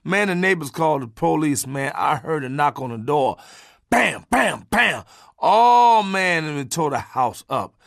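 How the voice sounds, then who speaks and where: Male comic storyteller with a slightly high, lively voice; profane, loud bursts and low asides. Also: unhurried, vocal fry, no room sound, studio quality. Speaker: comedian telling his own story.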